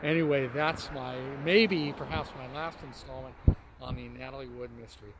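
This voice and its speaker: A man's voice: mid-range voice, steady tone, normal speed, background noise. A man hosting a true-crime vlog, talking in a chatty, folksy way to his viewers while standing outdoors on a residential street. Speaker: channel host.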